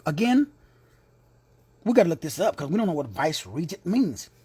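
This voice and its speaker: A male Bible teacher gives an emphatic lesson, repeating key words and dropping casual street asides. His husky, fairly high voice has big pitch swings, a warm tone and a moderate pace, and the close, dry recording has no room sound.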